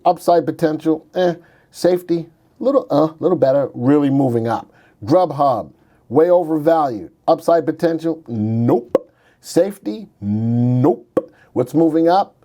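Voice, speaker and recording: A man's voice: mid-range voice, warm tone. A man hosting a casual livestream on stocks, joking around and thinking aloud as he pulls up charts. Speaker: stock market show host. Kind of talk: casual livestream market commentary.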